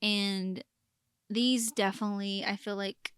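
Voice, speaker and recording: A woman co-hosting a casual podcast, talking about a TV drama in an animated way and full of fillers as she acts out lines. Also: medium pitch, unhurried, clear, resonant tone, no room sound, studio quality. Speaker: podcast co-host.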